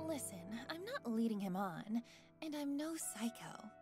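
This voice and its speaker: Sarcastic young office girl, high and lively voice, deadpan put-downs, game character. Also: slow, over music. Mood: cool sarcastic. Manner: deadpan, cutting. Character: dry, sarcastic young woman office temp.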